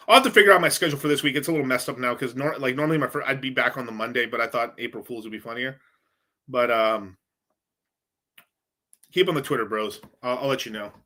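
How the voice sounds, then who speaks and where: Profane rambling man with a bright voice. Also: mid-range voice. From United States. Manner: profane, rambling, laughs often. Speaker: crypto livestreamer. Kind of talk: casual livestream rant.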